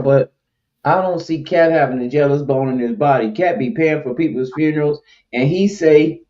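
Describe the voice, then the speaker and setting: A man hosting a livestream, giving blunt, emphatic opinions in casual chat with a mocking edge. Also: mid-range voice. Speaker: stream host. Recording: muffled lo-fi stream audio.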